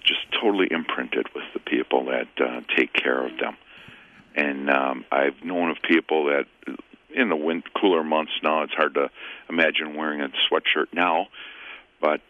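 A very low-voiced man speaks over a narrow, phone-like line. He is a pet store owner on a radio call-in show. He explains things in a relaxed, plain way, full of ums and uhs. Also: moderate pace, no echo. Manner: relaxed, plain-spoken, with fillers.

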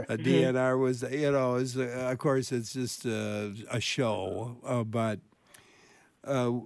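Slow, easygoing male talk show host. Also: medium pitch, dry recording. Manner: easygoing, hesitant, lots of fillers. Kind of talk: hosting a call-in health program.

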